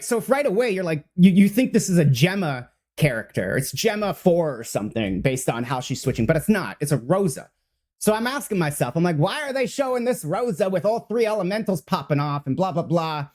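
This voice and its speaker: A man streaming his first read of game patch notes, talking off the cuff with lots of fillers, restarts and the odd swear. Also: sits high. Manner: rambling, excitable, many fillers and restarts; swears casually.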